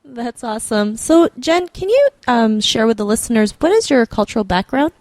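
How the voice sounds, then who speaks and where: A woman's voice: on the high side, very animated, moderate pace, darkish tone, dry recording. Cheerful woman interviewer on a podcast, upbeat delivery, dry recording. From Canada. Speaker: podcast host.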